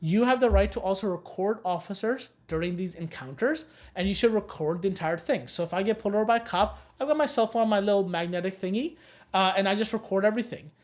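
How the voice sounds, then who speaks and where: A woman's voice: medium pitch, fast talker. A woman teaching a recorded know-your-rights course, giving blunt and emphatic advice and repeating her key warnings. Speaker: course instructor.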